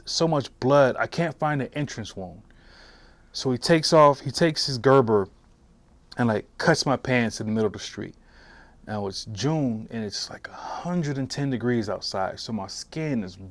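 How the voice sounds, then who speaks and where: A man in his forties, a veteran, telling his story for an oral history interview in a halting way with frequent restarts. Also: mid-range voice, dry recording. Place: interview room.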